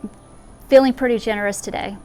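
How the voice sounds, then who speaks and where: A woman voicing a generous male king in a parable, speaking calmly and with authority. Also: a little high, fast talker, lightly acted. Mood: lordly.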